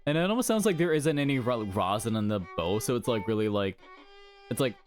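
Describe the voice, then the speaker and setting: A man's voice: mid-range voice, animated, brisk, faint music behind. Rambling man streaming a game. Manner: rambling, full of "like" and restarts. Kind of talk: casual game commentary.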